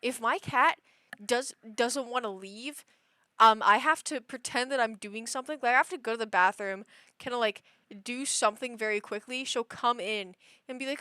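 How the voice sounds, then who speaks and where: A woman livestreamer chatting casually, telling stories in an animated, exasperated way with lots of fillers. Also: fairly high pitch, normal speed, no room sound. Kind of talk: casual chat.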